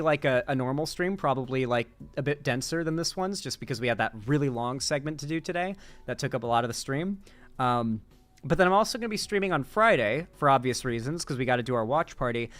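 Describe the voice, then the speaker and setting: A man's voice: on the high side, fairly bright tone. Sleepy, laid-back young streamer guy. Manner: laid-back, rambling, thanks chat and reads donations aloud. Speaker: political commentary streamer. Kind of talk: casual live-stream outro chat.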